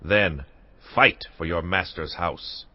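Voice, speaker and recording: Zealous king, played by a man, forceful and commanding, lowish voice, dull recording. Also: takes it slowly, dry recording. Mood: stern. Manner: forceful, issuing orders. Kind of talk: dramatized scripture reading. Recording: dull lo-fi with music beneath.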